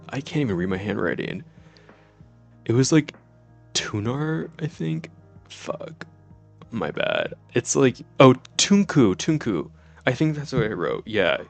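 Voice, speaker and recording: Casual streamer, twenties, male, deep and gravelly, giddy, laughs a lot. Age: 20s. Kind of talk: casual live-stream chat.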